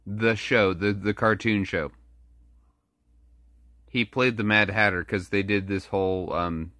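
A man's voice: low-pitched, fairly bright tone, no room sound, clean studio sound. A man vlogging in a rambling, casual way, full of crude jokes and asides.

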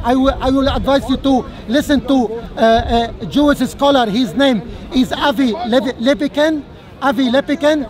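A man with a very high voice argues outdoors at a speakers' corner, halting often on fillers and restarts, then pressing his point with repeated rhetorical questions. A faint murmur of crowd chatter sits behind him in the open air. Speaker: street debater. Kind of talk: heated open-air religious debate.

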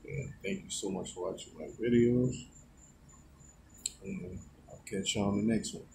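Laid-back guy scratching a lotto ticket, talks real slow, kinda low voice, noisy background w/ birds. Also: fairly even intonation, creaky. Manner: slow, easygoing, calls out numbers one by one. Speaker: lottery scratch-off vlogger. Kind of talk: casual narration while scratching a ticket.

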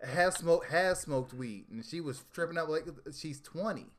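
A man's voice: fairly high pitch, expressive, unhurried. A man in a casual chat, earnestly sharing parenting advice. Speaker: parent in discussion.

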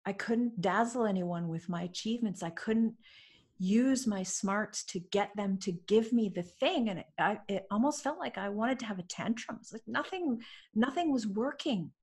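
A woman from Canada, a podcast guest and business coach, telling lively, self-mocking stories in a casual interview. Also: medium pitch, moderate pace, husky.

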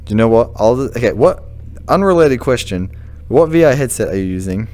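Australian man, gaming host, teasing jokey banter, animated swings in pitch, headset mic. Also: brisk, slight background noise. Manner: joking, teasing, laughs often. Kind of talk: casual game banter.

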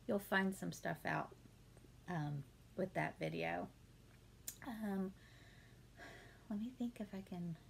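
Woman in her thirties, home vlogger, casual Q&A, gravelly fry, faint hiss behind. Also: fairly low pitch. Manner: chatty, warm-hearted, many ums and laughs. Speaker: beauty vlogger answering viewer questions. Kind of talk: casual Q&A chat.

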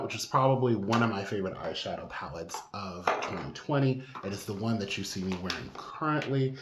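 A man chatting casually in a makeup review vlog, expressive and gushing with drawn-out exclamations. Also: medium pitch, slight background noise. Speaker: beauty vlogger. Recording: echoey room.

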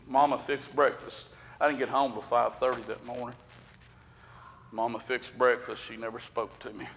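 A man's voice: mid-range voice, slight background noise. A middle-aged man, preaching a sermon as pastor in folksy storytelling fashion, rising to emphatic preaching. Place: church sanctuary. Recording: long church reverb.

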